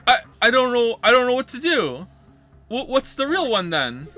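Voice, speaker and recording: A man's voice: very high voice, very animated, moderate pace, sharp tone. A man streaming a game, muttering, reading text aloud and venting in exasperation. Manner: exasperated, swearing, muttering to himself. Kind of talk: live gameplay commentary.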